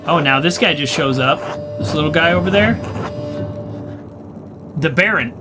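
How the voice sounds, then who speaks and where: Excitable gamer thinking aloud over game music. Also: medium pitch, moderate pace. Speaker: let's play gamer. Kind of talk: let's play commentary, reading game text aloud.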